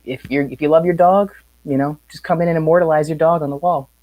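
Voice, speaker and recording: Woman, low voice, easygoing and modest, hesitant starts, very dry sound. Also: fairly even intonation, quick pace, no room sound, lo-fi sound. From northeastern United States. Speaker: guest. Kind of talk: casual interview chat.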